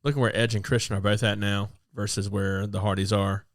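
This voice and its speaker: A young man co-hosting a podcast, relaxed in casual chat and introducing the next segment. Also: lowish voice, a little fast, no echo, clean studio sound. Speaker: podcast co-host.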